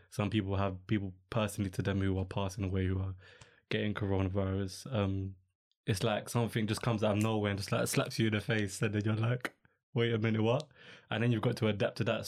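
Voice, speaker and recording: Laid-back young man, low voice. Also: darkish tone. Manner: rambling, laid-back, peppered with slang and fillers. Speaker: podcast host. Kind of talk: casual chat.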